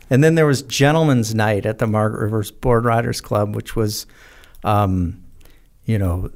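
An American man telling rambling, animated stories as a podcast guest, with many fillers. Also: medium pitch. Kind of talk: casual storytelling in a podcast interview.

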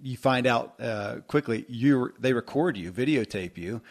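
A man's voice: mid-range voice, a little slow, gravelly. A middle-aged man hosting a podcast, talking in a rambling, self-deprecating way with many restarts. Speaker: podcast host. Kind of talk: casual podcast conversation.

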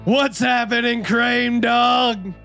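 A man's voice: very high voice, steady tone, takes it slowly, bright, forceful tone, faint music behind. A man co-hosting a sports betting podcast, talking in a brash, hyped, joking way and reading ads. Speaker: podcast co-host.

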